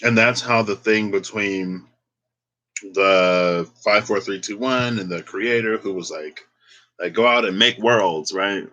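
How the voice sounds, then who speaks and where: Slow, bright-voiced man reading tarot. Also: on the low side, low-quality recording. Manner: rambling, chatty, unsure of himself. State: emotional, on the verge of tears. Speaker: tarot reader. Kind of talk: casual tarot reading vlog.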